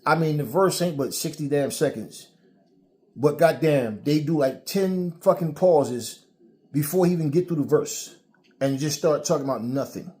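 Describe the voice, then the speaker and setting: A man's voice: a little high, moderate pace, warm tone. A middle-aged man, the channel's host, ranting casually and profanely, acting out mock quotes as he tells his stories. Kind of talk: casual vlog rant.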